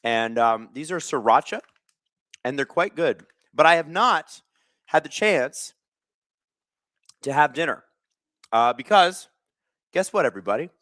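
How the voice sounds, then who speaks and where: A man's voice: fairly high pitch, lively intonation, unhurried, long pauses, a bit bright, no room sound. Guy in his 30s hosting a live stream, rambly and chatty, dry close mic, snacking while he talks. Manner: rambling storyteller, lots of fillers and restarts. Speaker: stream host. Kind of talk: casual live-stream chat.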